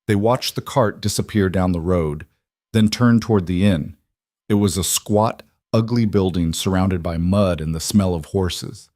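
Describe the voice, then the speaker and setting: Casual: guy narrating a story, lowish voice, steady read, dry mic. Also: a little slow, no echo.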